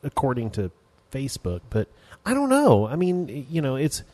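A man's voice: medium pitch, wildly swooping pitch, normal speed, dark tone. A man hosting a casual podcast chat, hesitant and wry, with lots of restarts. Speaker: podcast host.

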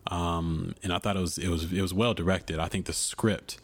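A man's voice: sits low, steady tone, normal speed, husky. A man co-hosting a casual podcast, giving opinions about films with lots of "you know". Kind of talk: casual film-industry chat.

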